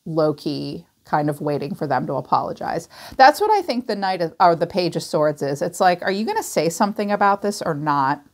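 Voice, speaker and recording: A woman giving a casual, chatty tarot reading, acting out quoted voices and swearing now and then. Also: medium pitch. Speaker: tarot reader.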